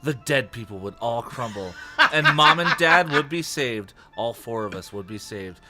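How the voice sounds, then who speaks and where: A man reading a book aloud on a podcast, laughing often and dropping low for the lines of dialogue. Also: animated, moderate pace, over loud music. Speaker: podcast host. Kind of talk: casual reading aloud with jokes.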